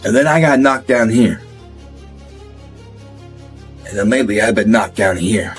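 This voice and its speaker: A man speaks slowly and deliberately in a low voice, brushing off his rival in a calm wrestling promo. Faint music sits underneath. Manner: measured, dismissive, addresses rival directly. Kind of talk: slow reflective wrestling promo.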